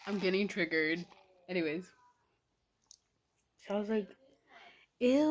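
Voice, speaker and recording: A young woman with a slightly low voice tells a story casually into her camera between bites. Her talk is chatty and slangy, packed with "like" and acted-out reactions. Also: measured pace, long pauses. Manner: chatty, slangy, animated retelling with lots of "like". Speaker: vlogger. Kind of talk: casual storytime while eating.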